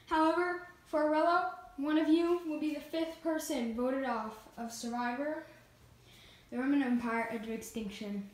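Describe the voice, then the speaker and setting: A woman hosting a pretend competition show, playful and halting, with frequent fillers. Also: high-pitched, fairly even intonation, roomy sound, rough recording. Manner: halting, with many fillers and restarts. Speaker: host of a toy competition show.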